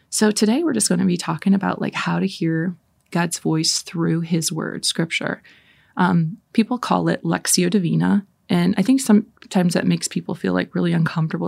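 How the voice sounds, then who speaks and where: Gravelly-voiced woman in her forties. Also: lowish voice, a little mellow, no room sound, studio quality. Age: 40s. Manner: chatty, laughing storyteller. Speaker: host of a Catholic prayer talk. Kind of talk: casual faith talk with storytelling and prayer.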